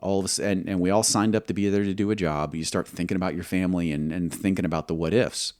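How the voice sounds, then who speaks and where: A man who served as a military pilot, telling a combat story in an interview, measured and halting, acting out quoted dialogue. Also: deep voice, fairly even intonation, a little mellow, no room sound, clean studio sound.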